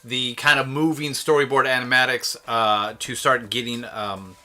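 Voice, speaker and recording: Bright-voiced man rambling on a livestream. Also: mid-range voice, fairly even intonation, normal speed. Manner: rambling explainer, many fillers. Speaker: livestream co-host and animator. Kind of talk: casual livestream chat.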